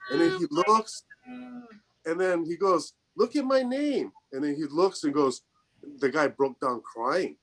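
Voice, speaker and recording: A man telling a story casually on a video call, acting out the people he quotes in a higher voice. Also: unhurried, fairly bright tone. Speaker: storyteller in a group chat.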